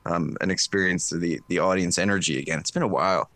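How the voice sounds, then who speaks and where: A man's voice: low-pitched, fast talker, fairly bright tone, dry recording. A man, an actor guest, chatting casually in an interview, rambling with many fillers and restarts and laughing often.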